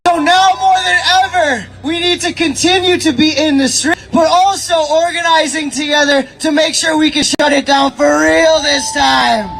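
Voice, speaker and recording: A man emceeing an outdoor street protest, shouting rousing calls to the crowd. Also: extremely high pitch, fairly even intonation, normal speed, creaky, few pauses, poor audio. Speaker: rally emcee. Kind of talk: shouted rally speech. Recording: loud crowd noise. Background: cheering crowd.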